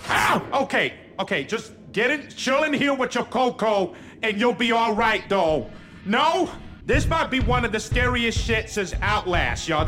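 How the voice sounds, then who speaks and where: Young male streamer, high and lively voice, swearing and panicking through a horror game, faint music underneath. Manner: loud, profane, panicky reactions. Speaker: gamer streamer. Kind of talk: live horror game commentary.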